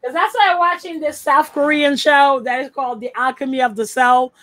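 A woman's voice: sits high, steady tone, moderate pace, a bit bright, rough recording. A woman co-hosting a podcast in casual chat, blunt and profane, muttering to herself as she sorts files. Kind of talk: casual chat while sorting files on screen.

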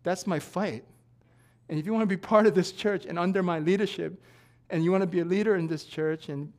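A man preaching a sermon in a church, swinging from loud shouting to quiet joking asides with laughs. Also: on the high side, gravelly. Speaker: pastor.

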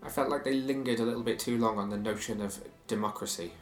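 A man's voice: medium pitch, steady tone, fast, roomy sound, soft background music. A man co-hosting a casual chat about a TV show, opinionated and chatty. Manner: chatty, opinionated, reads quotes aloud. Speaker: podcast co-host.

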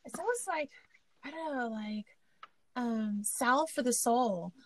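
A woman's voice: a little high, lively intonation, takes it slowly. A woman hosting a casual interview, talking in a chatty, rambling way with many fillers. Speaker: podcast host.

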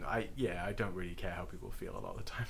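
A man's voice: deep voice, rapid-fire, gravelly. A man co-hosting a podcast, blunt and dry-humoured in casual chat. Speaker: podcast co-host.

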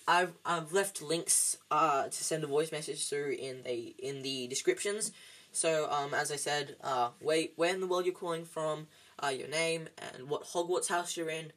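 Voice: medium pitch, fairly bright tone, poor audio. A podcast host reading a story aloud at home, talking casually with fillers and stumbles.

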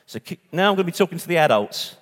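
Male preacher, somewhat high pitch, casual and halting sermon delivery, church hall reverb. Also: animated, fairly bright tone. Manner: chatty, repeats words, restarts.

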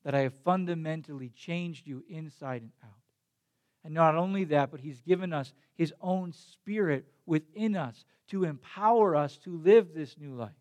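A man's voice: a little high, normal speed, a little mellow. A young adult man preaching a sermon as a pastor, telling a story in a conversational way that builds to emphatic passion.

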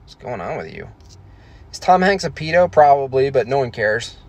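A man's voice: medium pitch, very animated, normal speed, no echo. A man chatting casually, rambling and joking irreverently as he reacts to comments. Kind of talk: casual chat.

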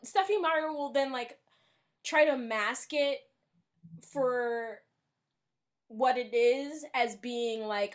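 A young woman co-hosting a casual book discussion, animated and sarcastic, laughing often. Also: high voice, takes it slowly, long pauses. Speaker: podcast co-host.

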